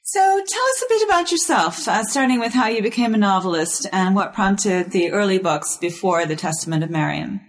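A woman who hosts the interview, reading a novel excerpt aloud in a measured, expressive way. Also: medium pitch. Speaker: interview host and reader.

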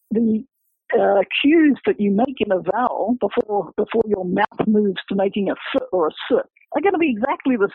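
A man's voice: sits high, breathy edge, no echo. A man, a researcher and author, explaining his work in an interview, walking through examples step by step. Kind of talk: explanatory academic interview talk. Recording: tinny phone-line audio.

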